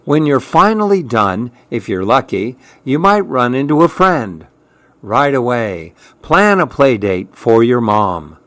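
A man reading a children's picture book aloud in a gentle, playful way. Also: mid-range voice, big pitch swings, dry recording. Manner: gentle, playful, slow storytelling. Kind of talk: storybook read-aloud.

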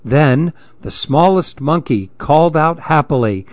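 A man reading children's stories aloud in an expressive, sing-song storybook manner. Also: medium pitch, slow pace, no echo. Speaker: narrator. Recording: dull dry close recording.

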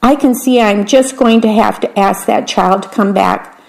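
A woman's voice: medium pitch, normal speed, gravelly, a little mellow, close to an everyday voice. A woman reading aloud, voicing a grumpy, self-important man who speaks crossly and demandingly.

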